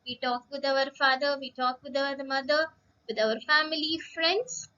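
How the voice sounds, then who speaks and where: A woman teacher giving a slow lesson to young children, drawing out words and asking them questions. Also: high voice, pushed and bright, dull audio, slight background noise. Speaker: primary school English teacher.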